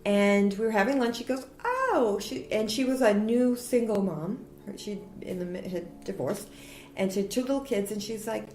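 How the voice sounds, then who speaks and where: A woman's voice: mid-range voice, moderate pace, a little hiss or hum. A woman in her forties telling stories from her career as an interview guest, laughing often and acting out what people said. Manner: animated, laughing, acts out quotes. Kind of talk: casual interview storytelling. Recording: roomy echo.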